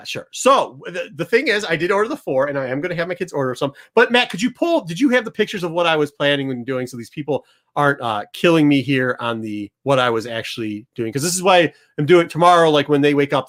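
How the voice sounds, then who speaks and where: Animated man telling a story. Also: on the high side, fast talker. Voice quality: animated, acts out both sides of the exchange. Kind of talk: storytelling to a studio crew.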